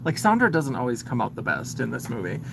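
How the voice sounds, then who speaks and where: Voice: mid-range voice, wildly swooping pitch, fast, creaky, background noise. A man hosting a live stream, casually retelling a film's plot in a chatty, filler-heavy way and greeting viewers as he goes. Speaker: host.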